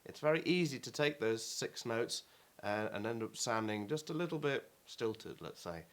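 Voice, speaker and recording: A man's voice: mid-range voice, animated, normal speed. A man teaching an online keyboard lesson, explaining at an easy pace with fillers and now and then chanting rhythm words over his playing.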